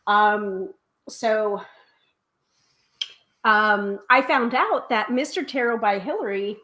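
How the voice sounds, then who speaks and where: A woman from the United States hosting a tarot live stream. She talks casually and quickly, with many filler ums, and reads viewer comments aloud. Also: mid-range voice, animated, bright, forceful tone.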